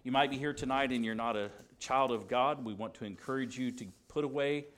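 A man's voice: medium pitch, a little fast, background noise. Male preacher mid-sermon, emphatic, repeats lines, dramatizes quotes. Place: church service.

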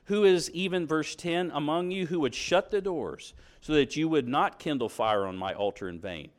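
A man's voice: fairly high pitch, animated, normal speed. A middle-aged man preaching a sermon, reading scripture aloud and asking his congregation questions.

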